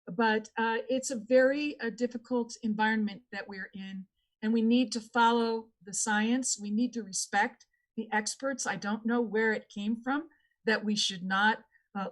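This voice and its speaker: A woman answering as a candidate in an election debate, earnest and measured, with frequent fillers and restarts. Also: mid-range voice. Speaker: political candidate.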